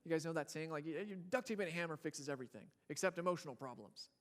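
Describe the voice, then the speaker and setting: A man's voice: on the high side, animated, very fast, fairly bright tone. A young man preaching a sermon in a church, casual and joking, acting out what people and babies say. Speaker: pastor.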